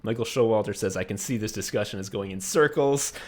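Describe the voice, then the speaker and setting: Excitable laughing man recapping a comedy. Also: fairly low pitch, brisk. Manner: laughs often while retelling scenes; swears casually, excitable. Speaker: podcast co-host. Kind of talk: casual comedy podcast chat.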